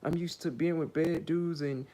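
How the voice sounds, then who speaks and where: A man voicing a brash young woman who is crude, loud and demanding. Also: a little high, fairly even intonation, moderate pace, voice pushed up, close to an everyday voice. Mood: coaxing. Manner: loud, profane, indignant.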